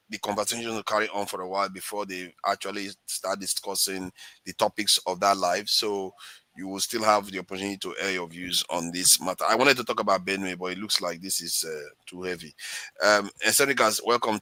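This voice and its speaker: A man's voice: sits low, a little fast, dry recording. A man hosting a live discussion, hesitant with many fillers, trying to keep the peace. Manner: hesitant, many fillers, tries to calm things. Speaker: host and moderator.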